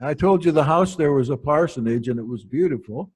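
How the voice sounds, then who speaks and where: A pastor telling wry, anecdotal stories from the pulpit in an unhurried way. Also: male voice, fairly high pitch, animated, darkish tone, breathy edge. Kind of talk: storytelling sermon.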